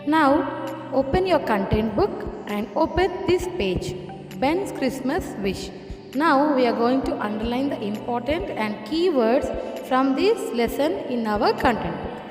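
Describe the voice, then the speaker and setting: A woman teacher with a high voice talks slowly and carefully, spelling words out letter by letter for children. She is recorded in an echoey room with a long reverb tail. Faint music plays behind her. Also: lively intonation, a little mellow. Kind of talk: dictating a lesson, spelling words.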